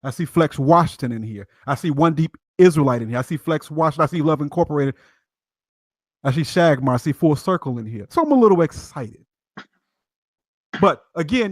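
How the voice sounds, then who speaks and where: A man with a fairly high voice hosts a live stream, preaching with emphatic rhetorical questions. There's no room sound on the recording.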